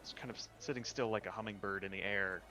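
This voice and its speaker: A man's voice: on the low side, fairly even intonation, fast, pushed and bright. A man narrating a tabletop game as game master, describing scenes with small hesitations.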